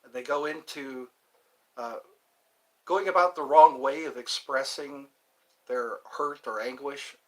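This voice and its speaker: A man's voice: mid-range voice, measured pace, pauses often, background noise. A middle-aged man hosting a rambling live chat, joking around and putting on mock voices. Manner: joking, sings lines, mock accents. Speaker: livestream host.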